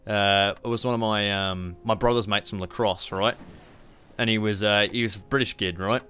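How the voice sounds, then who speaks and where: A man's voice: on the low side, fairly even intonation, moderate pace, bright, forceful tone. A young Australian man giving rambling, profane, joking commentary on a strategy game during a live stream. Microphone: streaming microphone.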